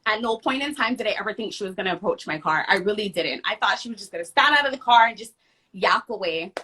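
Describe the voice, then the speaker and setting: Bright, emphatic woman telling a story. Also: medium pitch, lively intonation, fast, breathy edge. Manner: emphatic, acts out others' lines in the story. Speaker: guest telling a personal story. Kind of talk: animated conversational storytelling.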